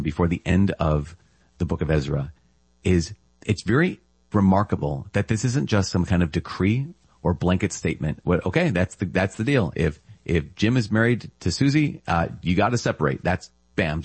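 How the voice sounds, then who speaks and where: Low, husky-voiced priest giving a sermon. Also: male voice, a little mellow, no room sound. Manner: conversational, with laughs and tag questions. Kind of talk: sermon on scripture readings.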